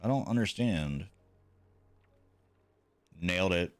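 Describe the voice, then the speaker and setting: A man's voice: fairly low pitch, expressive, a little slow. A man streaming a video game, chatting casually with viewers in a laid-back, rambling, self-mocking way and swearing now and then.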